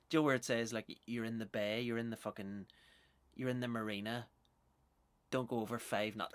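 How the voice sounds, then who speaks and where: A man's voice: medium pitch, fairly quick, long pauses, fairly bright tone, dry recording. A Northern Irish man, a comedian, ranting through a sweary, exasperated, rambling monologue. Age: adult with young children.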